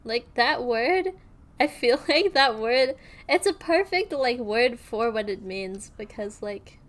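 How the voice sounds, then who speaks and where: A woman's voice: on the high side, animated, takes it slowly. Rambling young woman streamer. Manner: rambling, many fillers and restarts. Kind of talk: casual chat on stream.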